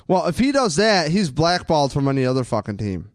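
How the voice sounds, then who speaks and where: A man's voice: on the high side, fairly quick, hardly any pauses, no room sound, clean studio sound. A man co-hosting a sports podcast, ranting with lots of swearing in casual chat. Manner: profane, ranting, animated. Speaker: podcast co-host.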